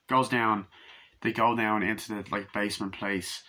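A man doing a casual movie review, loosely retelling scenes with swearing, many ums and quick quoted lines from the characters. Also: on the low side, little pitch movement, pushed and bright.

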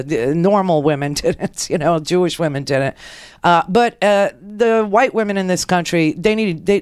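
A woman hosting a political talk radio show, delivering a rambling, animated monologue into a close studio mic and acting out the people she quotes. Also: fairly low pitch, clean tone, dry recording.

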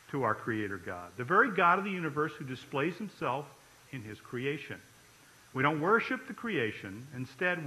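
A man's voice: medium pitch, bright, forceful tone, low-quality recording. A man pastor preaching a sermon, emphatic and often checking in with his listeners.

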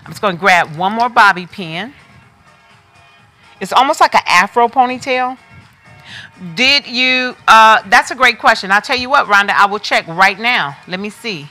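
Chatty woman live-stream seller, bright and punchy, faint music bed. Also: mid-range voice, moderate pace. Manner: chatty, talks straight to viewers. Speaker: wig shop host selling on a live stream. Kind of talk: casual live product demo.

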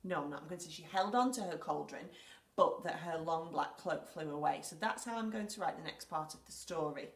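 A woman with an English accent teaching a recorded lesson for young children, clear, patient and encouraging. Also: lowish voice, far from the mic. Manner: clear, patient and encouraging, reads story lines aloud with emphasis. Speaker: primary school teacher. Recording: echoey room, speaker away from the mic.

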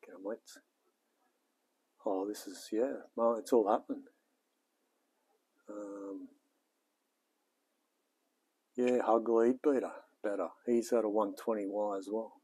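A man's voice: lowish voice, steady tone, slow pace, pauses often, dark tone, husky. An Australian man in his late forties chatting casually on his live stream, laid-back and rambling, with plenty of slang. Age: late 40s. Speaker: live-streaming home mechanic.

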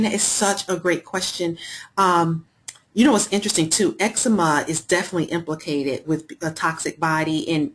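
A woman's voice: fairly low pitch, slightly rough. A woman hosting a live health webinar, talking in a chatty way and reading out and answering viewers' chat messages. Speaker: webinar host.

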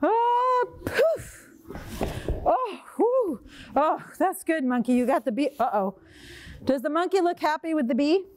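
Over some background noise, a woman librarian with a high-sitting voice reads a picture book at storytime at a moderate pace. She's animated and sing-song, coaxing the children to buzz, roar and act along.

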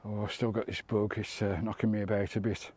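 A man's voice: lowish voice, flat delivery, fairly quick, darkish tone, slightly rough. A British man on a coastal walk, talking to the camera in a chatty vlog, often exclaiming at the views and a bit out of breath. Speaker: vlogger. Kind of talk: walking travel vlog commentary. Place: outdoors on a coast.

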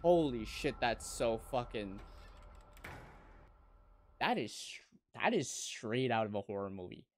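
This is a young woman hosting a reaction video, commenting casually as she watches. Her voice swings through a very wide pitch range, and her delivery is unhurried. She breaks into sudden, loud outbursts full of swearing. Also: animated, a little hiss or hum. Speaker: anime reaction host.

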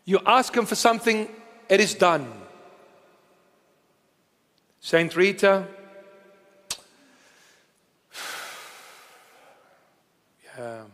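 A man of Assyrian heritage preaching a sermon, telling stories in an animated way that swings between loud declarations and hushed asides. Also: sits high, extremely slow, pauses often, big-room sound.

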